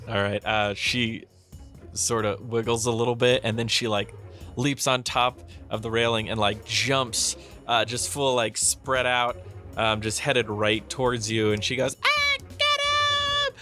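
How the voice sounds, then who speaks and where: A man's voice: medium pitch, fairly even intonation, a little slow, pushed and bright, faint music behind. A man narrating as game master in a loose, rambling way. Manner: loose, rambling, many fillers and restarts.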